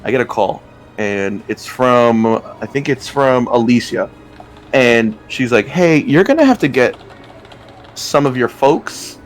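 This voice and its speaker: A man's voice: mid-range voice, measured pace, faint music behind. A man in casual chat, telling a long, profane story and acting out the voices in it. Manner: animated, profane, acts out voices in his stories. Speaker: guest telling stories.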